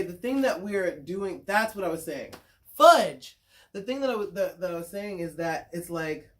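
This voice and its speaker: A woman's voice: fairly low pitch, a little mellow. Blunt, profane woman venting to camera. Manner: frank and blunt, swears freely, repeats words as she thinks; confiding, checks in with listeners often. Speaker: spiritual consultant and vlogger. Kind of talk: casual monologue to camera.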